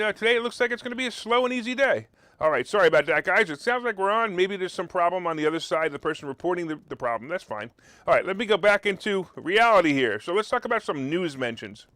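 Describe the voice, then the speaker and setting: Guy ranting sarcastically on his talk radio show, kinda high voice, dry sound. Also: a bit bright, no echo. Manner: sarcastic, mocking rants. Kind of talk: opinionated political talk radio.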